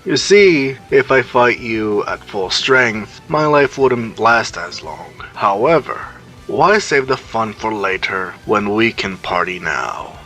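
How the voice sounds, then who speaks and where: A man's voice: fairly low pitch, animated, slow, sharp tone, faint music behind, full character voice. A man voicing a mocking, gloating male demon king villain in a fan-made story. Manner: mocking, taunting.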